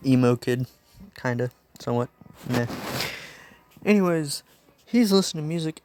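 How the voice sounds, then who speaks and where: A man's voice: mid-range voice, gravelly, a little mellow, no echo. A man casually narrating a fan-made story, rambling and offhand with lots of fillers.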